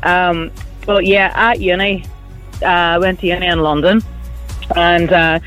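A woman's voice: lowish voice, measured pace, faint music behind, low-quality recording. A woman from Derry with a Derry accent, calling in to a radio show and telling an anecdote with frequent giggles. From Derry, Northern Ireland. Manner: giggly, animated storyteller. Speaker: caller. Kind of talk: phoned-in anecdote.

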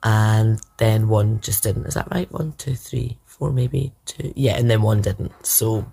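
A woman's voice: rumbling low, unhurried, creaky, dark tone. A woman hosting a podcast gives a personal vlog update, talking in a hesitant, rambling way full of fillers. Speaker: podcast host sharing a personal journey.

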